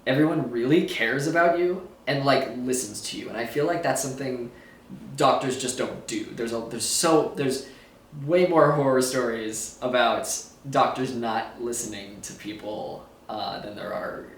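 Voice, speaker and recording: Young man, casual vlog, rambling and giggly, sore throat, roomy echo, faint hiss. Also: mid-range voice. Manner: rambling, giggly, loses his thread. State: sore throat, groggy after surgery. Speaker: vlogger. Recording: echoey room, a bit far from mic.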